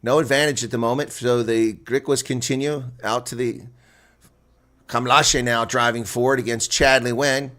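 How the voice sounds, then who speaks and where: Man, mid-range voice, solo live rugby reaction caller, excitable and chatty. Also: medium pitch, normal speed. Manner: excitable, exclaiming, chatty asides to viewers. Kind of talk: live reaction play-by-play commentary.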